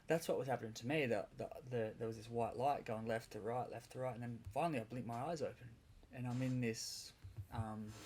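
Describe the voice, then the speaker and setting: A man's voice: mid-range voice, a little hiss or hum. A man, a podcast guest, telling a vivid story in casual conversation, rambling a little with restarts.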